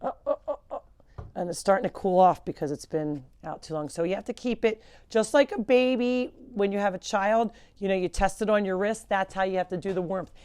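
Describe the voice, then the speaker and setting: Fairly quick and smooth, her mid-range voice has a slightly mellow quality. She runs a casual live farm stream indoors at home on a clip-on mic, rambling chattily through explanations and slipping into coos and baby talk for the animals.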